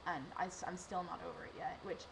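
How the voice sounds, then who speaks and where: A woman's voice: fairly low pitch, fast talker, creaky, background noise. A teenage girl telling a personal story in a rambling, emotional way, acting out what people said. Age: teens. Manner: rambling, emotional, lively with acted-out quotes. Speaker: vlogger.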